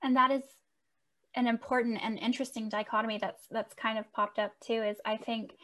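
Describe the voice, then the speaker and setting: A woman hosting a podcast interview, speaking in a thoughtful, measured way as she leads into her questions. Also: fairly high pitch, steady tone, a bit bright. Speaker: podcast host.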